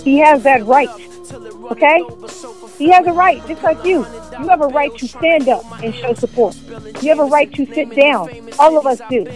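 Profane, fired-up woman with a high voice. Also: moderate pace, darkish tone, soft background music, low-quality recording. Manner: profane, emphatic, repeats questions. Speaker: commentator. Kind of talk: angry opinion rant.

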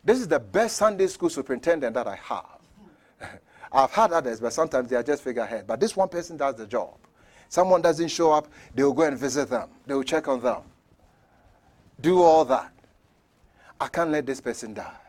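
A man preaching a sermon, telling stories with sudden loud bursts and hushed near-whispers, chuckling between points. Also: medium pitch, a little fast. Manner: animated storytelling, swings from loud shouts to near-whispers. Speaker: pastor.

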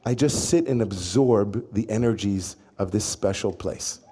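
A man's voice: on the low side, measured pace, dark tone, breathy edge, pitched below the performer's own voice. A man quoting an earnest young restaurateur. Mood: reverent. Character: young energetic male restaurant owner, earnest.

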